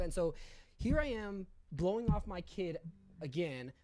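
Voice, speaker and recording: A man's voice: a little high, lively intonation, normal speed, warm tone, dry recording. A young man telling a candid story in casual talk, full of swearing and fillers. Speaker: podcast guest.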